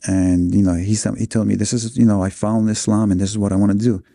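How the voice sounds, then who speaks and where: Brief: New man, forties, interview guest telling his story; low, dark, mellow voice, dry close sound, earnest and halting. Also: flat delivery, creaky, no echo. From New York City, USA. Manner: earnest, with many fillers and restarts.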